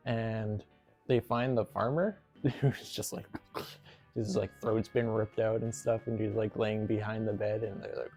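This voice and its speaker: A man's voice: mid-range voice, a little slow, mellow, soft background music. A man casually recapping a movie plot, rambling with lots of "like" and frequent laughs. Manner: rambling, fills with "like", laughs often. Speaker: movie reviewer.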